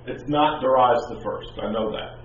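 A man's voice: medium pitch, moderate pace, slight background noise. A man teaching a class, lecturing in an informal, rambling, conversational way. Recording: echoey, distant, tinny classroom recording.

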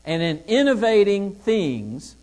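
A man's voice: sits high, very animated, slow, darkish tone, long reverb tail. A man teaching a Bible lesson, reading scripture aloud and driving points home with rhetorical questions.

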